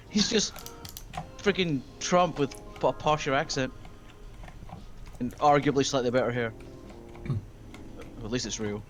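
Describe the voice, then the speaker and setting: A man's voice: mid-range voice, takes it slowly, pauses often, soft background music. A British man chatting casually and laughing often during a group building session. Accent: British English. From Britain. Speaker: host and builder. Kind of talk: casual gaming chat.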